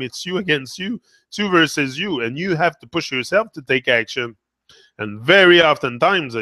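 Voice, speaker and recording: French-accented man, bright and dry, rambling earnest motivational vlog talk. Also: a little high, no room sound. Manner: rambling, self-correcting, earnest. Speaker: motivational vlogger. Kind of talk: casual live motivational talk.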